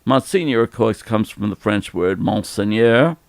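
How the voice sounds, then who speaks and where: A man in his seventies, a priest, explaining church matters in a gentle, easygoing chat and laughing easily. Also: on the low side, lively intonation, normal speed, vocal fry, dry recording. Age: 70s. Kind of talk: casual Q&A chat.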